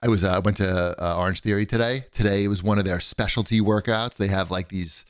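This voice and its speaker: A man's voice: low-pitched, fairly quick, clean tone, dry recording, studio quality. Rambling man telling a gym story. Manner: rambling storyteller, animated when quoting others. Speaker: podcast co-host. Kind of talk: casual chat.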